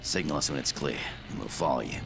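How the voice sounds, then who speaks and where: A man voicing a terse male survivor in a video game, giving brisk orders. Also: a bass voice, expressive, creaky, a bit bright, slight background noise, exaggerated voice. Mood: urgent. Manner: brisk, commanding. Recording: game audio over music.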